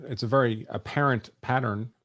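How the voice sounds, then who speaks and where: Measured man talking law. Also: mid-range voice, fairly even intonation, fairly bright tone. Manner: measured, precise legal phrasing. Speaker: guest legal analyst. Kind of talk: casual livestream chat.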